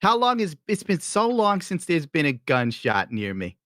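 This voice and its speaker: A man's voice: fairly high pitch, wildly swooping pitch, normal speed, a bit bright, no echo, clean studio sound. A man guesting on a casual podcast, cracking crude, laid-back jokes.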